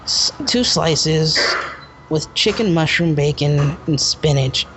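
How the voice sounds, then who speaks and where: A man hosting a casual podcast, joking and excitable, talking in loose rambling bursts. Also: a little high, takes it slowly, noisy background. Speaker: podcast host. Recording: muffled lo-fi recording.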